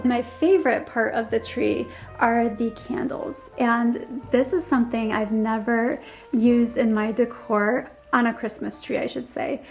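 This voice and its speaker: A woman's voice: on the high side, creaky, a little mellow. A woman narrating a casual home decor tour, gushing and enthusiastic, with frequent ums and likes and a slightly worn voice. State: slightly losing her voice.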